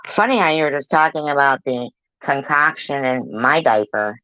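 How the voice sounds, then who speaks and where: A woman's voice: extremely low pitch, normal speed, pushed and bright, no room sound, dull audio. A woman giving angry reaction commentary on a clip, scolding and cursing with blunt insults.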